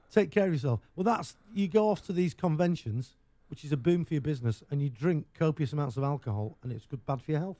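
A chatty English man on the radio, rambling from one joke to the next. His pitch swings widely as he talks, with a mellow, warm tone. The sound is close and dry. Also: lively intonation, brisk, no echo. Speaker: radio show host. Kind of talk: casual on-air banter.

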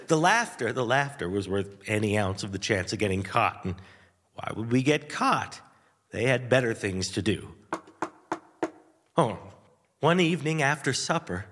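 A man hosting a radio show, telling a nostalgic story in a wry, animated way with chuckles and dramatic pauses. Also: fairly low pitch, long reverb tail. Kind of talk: nostalgic first-person storytelling.

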